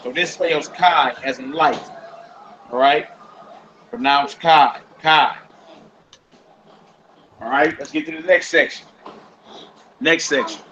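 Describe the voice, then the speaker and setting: A man's voice: a little high, slow, long pauses, pushed and bright. A man teaching a classroom language lesson in a casual manner, saying y'all and repeating each word for his students. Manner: casual, uses y'all, drills words by repeating them. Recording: muffled recording with background noise.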